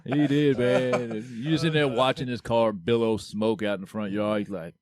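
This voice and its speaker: A man co-hosting a podcast, telling stories in a loose, profane way with excited bursts. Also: mid-range voice, normal speed, crowd noise. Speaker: podcast co-host. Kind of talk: casual chat.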